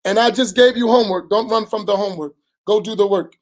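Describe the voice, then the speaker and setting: A man's voice: sits high, fast. A man, an imam teaching a religious lesson in a direct, admonishing way, often tagging "right?" onto his points.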